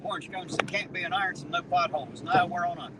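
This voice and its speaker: A man with a Southern twang, chatting casually and profanely with his livestream viewers as he drives on the highway. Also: flat delivery, fast talker. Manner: folksy, profane, joking with chat. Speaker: livestream host. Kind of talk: casual livestream chat while driving. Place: inside a car on the highway. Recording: loud road noise, mic off at a distance.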